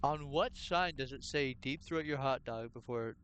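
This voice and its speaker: A man at a middle pitch streams a game with loose, joking commentary. He plays along as a clerk serving customers and keeps up a goofy running bit. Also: moderate pace, a bit bright, slight background noise. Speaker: gaming streamer.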